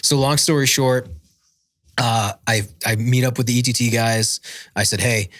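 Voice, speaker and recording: A man's voice: mid-range voice, steady tone, moderate pace, fairly bright tone, dry recording. A man in his thirties, a former Marine, telling a long war story in casual, profane, rambling talk and acting out what others said. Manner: rambling, profane, acts out quotes. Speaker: podcast guest, former Marine.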